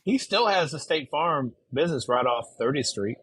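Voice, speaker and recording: Husky laid-back man on a podcast. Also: a little high, expressive, normal speed, a bit bright, no echo, low-quality recording. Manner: laughs easily, loose and rambling. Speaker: podcast guest. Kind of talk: casual chat.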